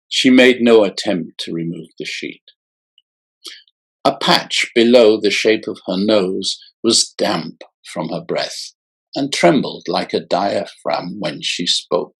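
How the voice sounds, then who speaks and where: A male author reading his own novel aloud in a slow, measured way. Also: on the low side, creaky, husky.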